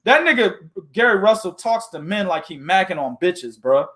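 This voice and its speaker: A high, bright male voice that leaps all over its range as he riffs on boxing with a co-host. He talks loudly in casual profane slang and laughs often. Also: normal speed. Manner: loud, animated, laughing, heavy slang.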